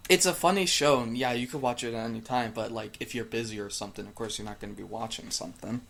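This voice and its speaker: A man's voice: medium pitch, fast talker, vocal fry, a bit bright, a little hiss or hum. A man co-hosting a podcast over an online call, giggling and stumbling over his words in casual chat. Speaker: podcast co-host.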